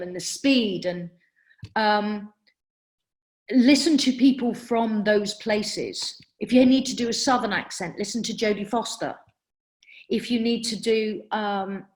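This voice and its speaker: A middle-aged woman, an acting practitioner, giving direct, emphatic career advice on a webinar and answering questions with frequent ums. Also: on the high side. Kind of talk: webinar Q&A talk.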